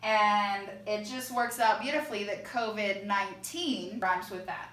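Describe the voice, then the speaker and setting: A woman's voice: mid-range voice, measured pace, fairly bright tone. A woman music teacher giving an online songwriting lesson, explaining step by step and singing short lines to check them. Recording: echoey room, a bit far from mic.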